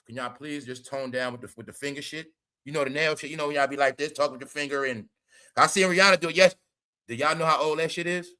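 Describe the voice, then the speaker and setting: A man hosting a casual commentary show, talking in an animated, profane, rambling way. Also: medium pitch.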